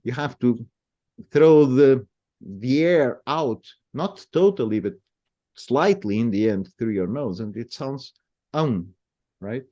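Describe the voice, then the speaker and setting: A man with a Portuguese accent, a native speaker of Portuguese, explains pronunciation in English. His voice is warm and mellow at an average pitch. He talks patiently and slows down to sound words out. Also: expressive, highs cut off. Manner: patient, demonstrates sounds slowly. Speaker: language guest explaining pronunciation. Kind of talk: explanatory conversation.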